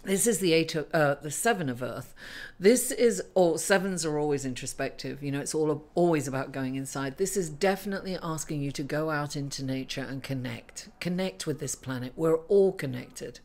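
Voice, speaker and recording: A woman's voice: low voice, moderate pace, darkish tone. A middle-aged woman reading tarot cards for her viewers in an earnest, casual spiritual talk, sometimes laughing through tears. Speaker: astrology and tarot reader.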